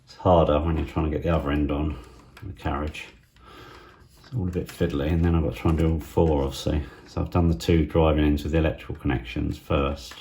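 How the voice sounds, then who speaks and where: A middle-aged man from England giving casual hobby unboxing commentary, thinking aloud in a soft, half-whispered way with plenty of fillers. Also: a bass voice, little pitch movement, a little fast, a little hiss or hum. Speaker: model railway vlogger.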